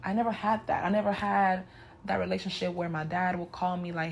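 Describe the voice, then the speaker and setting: A vlogger in her twenties speaks to camera, frankly and emotionally sharing a painful personal story and talking straight to viewers with "y'all" and "you know." Her lowish voice is gravelly, a little fast, with fairly even intonation and slight background noise.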